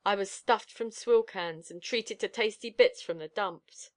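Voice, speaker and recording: A woman reader voicing a sullen, worn-out destitute young woman with a husky, croaking voice and coarse slang. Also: medium pitch, a little slow, lightly acted. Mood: sneering.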